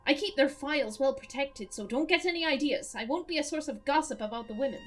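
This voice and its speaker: A woman's voice: high voice, quick pace, soft background music, lightly acted. A woman voicing a middle-aged male doctor in a video game, in a put-on Irish accent, speaking in an earnest, precise, lecturing way. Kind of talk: reading game dialogue aloud.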